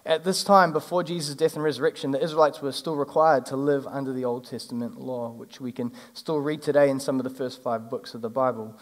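A male pastor, preaching a sermon in a church and retelling the story in a lively, casual way. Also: mid-range voice, brisk, hardly any pauses. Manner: animated, acts out the characters in a casual retelling. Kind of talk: sermon with scripture reading. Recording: long hall reverb.

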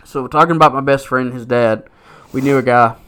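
A man's voice: mid-range voice, steady tone, fast, fairly bright tone, clear, resonant tone. A man co-hosting a podcast, telling a rambling story in casual chat, swearing often and filling with "like" and "you know". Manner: rambling, heavy swearing and filler words. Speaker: podcast co-host.

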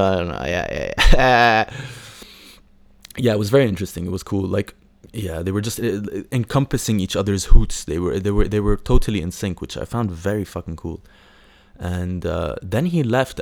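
Creaky and pitched low, this man speaks at a normal pace with no echo around him. He's the host of a laid-back solo podcast, wandering off topic, filling gaps with fillers, cursing, and mimicking people to mock them.

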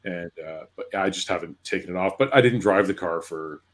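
A man's voice: sits low, brisk. A man chatting on a podcast, rambling with hesitant restarts that trail off. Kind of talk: casual chat.

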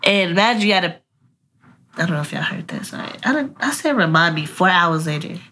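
A woman's voice: fairly low pitch, lively intonation, a little fast, bright, forceful tone, slight background noise. A young woman telling a rambling, profane personal story to her viewers in a casual vlog. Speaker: vlogger.

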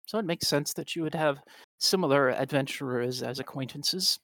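A man voicing a mysterious young femme fatale who is gracious, smooth and politely probing in a tabletop game. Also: on the high side, normal speed, a bit bright, no echo.

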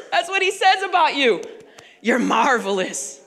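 A woman pastor preaching a sermon in a church, animated and conversational with laughing asides. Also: high-pitched, takes it slowly, creaky, in a large hall.

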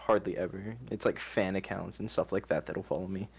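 A laid-back young man speaks in a lowish voice, rambling loosely with plenty of "like"s and restarts. The recording sounds muffled and lo-fi. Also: a little fast, gravelly, slightly rough. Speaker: interview guest, poet. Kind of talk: casual chat. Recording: dull lo-fi sound.

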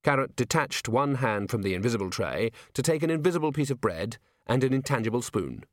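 A man narrating an audiobook in an expressive storytelling manner. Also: mid-range voice, brisk, dry recording, studio quality. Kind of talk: scripted narration.

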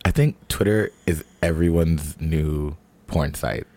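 A man's voice: very deep voice, slow, warm tone. A man hosting a podcast, trading sassy, slangy banter and laughing often. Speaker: podcast host. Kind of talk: casual chat.

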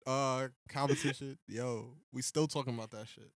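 A man's voice: medium pitch, fairly even intonation, dry recording, clean studio sound. A man, joking in slangy casual podcast chat. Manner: joking, slangy, quick reactions. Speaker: podcast co-host.

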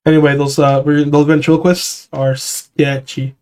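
A man with a high-pitched voice chatting casually and loosely. He rambles through stories, swears freely and slips into silly impressions. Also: normal speed. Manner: animated, breaks into funny voices and laughs. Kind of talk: casual chat.

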